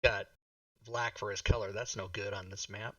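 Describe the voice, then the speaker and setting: A man's voice: on the low side, steady tone, normal speed, sharp tone, no room sound, far from the mic. Grumbling man streaming a game. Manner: grumbling, swears, mutters to himself. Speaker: streamer and player. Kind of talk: casual chat.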